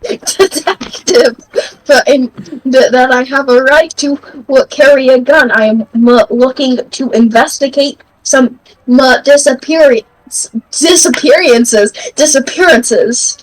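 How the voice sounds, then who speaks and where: Young woman player, high voice, slow, hesitant, stumbling, faint music behind. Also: fairly even intonation, poor audio. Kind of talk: playing a tabletop game over voice chat.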